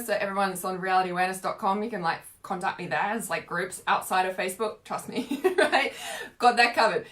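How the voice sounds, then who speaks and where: This spiritual coach on a live stream speaks in a mid-range, fairly bright voice, a little on the fast side. She's casual and rambling, saying "like" constantly and laughing a lot, though she's teary from having cried earlier.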